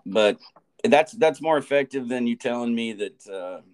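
A man's voice: medium pitch, lively intonation, normal speed, darkish tone, smooth. A man in his forties, a teacher co-hosting a podcast, telling a rambling story with restarts and frequent laughter. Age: 40s. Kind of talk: casual chat.

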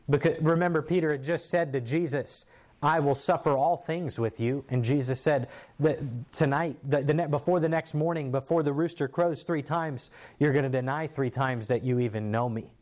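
A man's voice: mid-range voice, moderate pace, a little mellow. A man preaching a sermon, retelling a scripture story in a vivid, conversational way.

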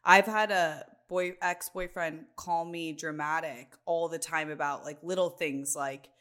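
A woman's voice: deep voice, steady tone, unhurried, fairly bright tone. A woman co-hosting a podcast who talks expressively and swears freely. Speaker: podcast co-host. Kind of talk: casual podcast chat.

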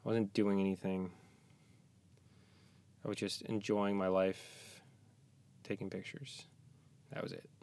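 A man who is a parent, talking as a guest on a podcast in a small closet, tired, soft-spoken and halting, with joking asides. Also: low voice, flat delivery. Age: young adult to middle-aged, a parent. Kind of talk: casual podcast chat.

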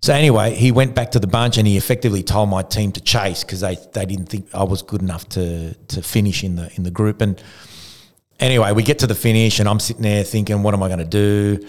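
Low-voiced man telling a story. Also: fast. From Argentina. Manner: animated storyteller who acts out quotes, frequent restarts. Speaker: guest, retired pro cyclist. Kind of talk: casual storytelling.

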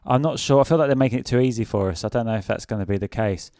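Brief: male co-host, mid pitch, relaxed and questioning, dry close-mic sound. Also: racing, no echo. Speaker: podcast co-host. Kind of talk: casual wrestling chat.

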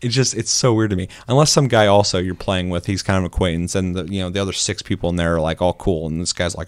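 A young man with a very deep voice talks loosely on a podcast, swearing freely and slipping into little acted-out quotes. The sound is dry and close. He rambles through his points. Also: fairly even intonation, fast, few pauses, no room sound. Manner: profane, rambling, acts out quotes. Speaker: podcast co-host. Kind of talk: casual chat.

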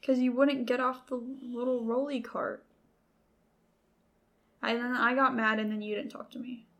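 A woman's voice: a little high, flat delivery, unhurried. A young woman chatting casually on a podcast in a bedroom, giggly and rambling. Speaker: podcast co-host. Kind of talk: casual chat.

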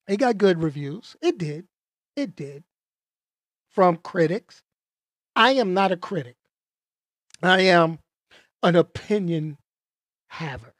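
A man hosting his own podcast, talking in a casual, animated rant full of slang and stammered restarts. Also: high-pitched, no room sound, studio quality. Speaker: podcast host.

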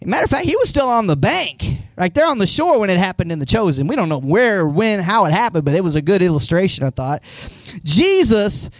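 A man's voice: high voice, very animated, a little fast, no echo. A man preaching a conversational sermon as a pastor in a church, retelling scenes with voices and rising to emphatic points. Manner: rises to emphatic, raised-voice points.

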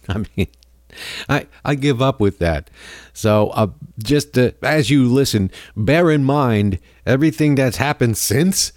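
A male talk radio host delivering an opinionated monologue in a dry studio sound. His pitch is middling, and he rambles with sarcasm, stammering through restarts and chuckling as he goes. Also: lively intonation, unhurried, darkish tone, dry recording.

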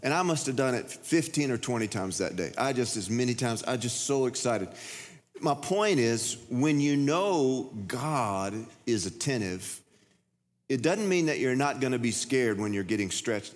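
A middle-aged pastor preaches in a large church, his voice trailing off in a long hall reverb. He tells stories and acts out the voices in them, his pitch sitting in the ordinary middle range for a man. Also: lively intonation, a little slow. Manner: storytelling, acts out voices and shouts. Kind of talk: sermon.

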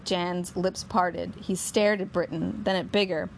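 A woman's voice: lowish voice, fairly even intonation, unhurried, vocal fry, slight background noise. Woman narrating a novel aloud.

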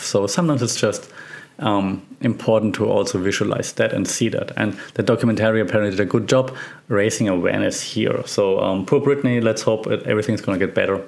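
Low-voiced man rambling on media news. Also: vocal fry. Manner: rambling, many fillers and restarts. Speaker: podcast host. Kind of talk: casual solo commentary.

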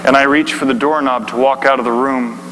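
A man preaching a dramatic story sermon, swinging between hushed delivery and shouting. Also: medium pitch, steady tone, a little fast. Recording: long hall reverb, faint hum.

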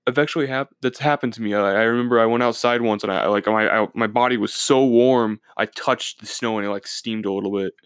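A man's voice: lowish voice, brisk, hardly any pauses, clear, resonant tone, dry recording, clean studio sound. A young man from Minnesota, hosting a podcast and rambling through profane, self-mocking stories in casual solo chat. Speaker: podcast host.

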